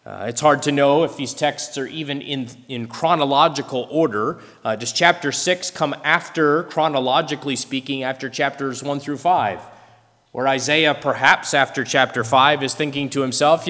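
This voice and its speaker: A man preaching a sermon, expressive, dramatizing the scripture he quotes. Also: mid-range voice, moderate pace. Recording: long hall reverb.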